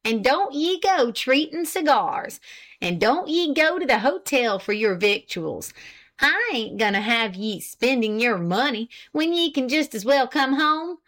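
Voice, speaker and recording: A woman's voice: high-pitched, expressive, measured pace, a bit bright, pitched above the performer's own voice. A woman voicing a thin, shrewish country wife who scolds her husband in a rustic dialect. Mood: scolding.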